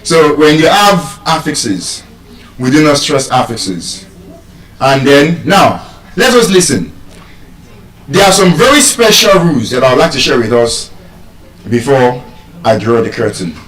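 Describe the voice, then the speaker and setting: Nigerian male speaker, lively teacher at a distant mic in a reverberant hall. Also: medium pitch, unhurried, long pauses. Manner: animated, quizzes the audience with questions. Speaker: public speaker teaching pronunciation. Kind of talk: live speech to an audience. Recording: echoey hall, voice from far off.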